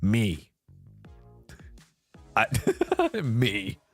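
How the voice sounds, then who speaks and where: A young man streaming, chatting casually with viewers, swearing and shouting in protest. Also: fairly low pitch, lively intonation, extremely slow, faint music behind.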